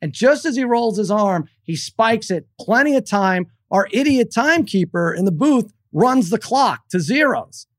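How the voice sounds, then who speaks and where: A middle-aged man telling a sports story in a casual chat, animated and rambling as he doubles back over his words. His voice sits a little high. The sound is close and dry, with no room around it. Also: moderate pace, few pauses, no echo. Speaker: podcast co-host.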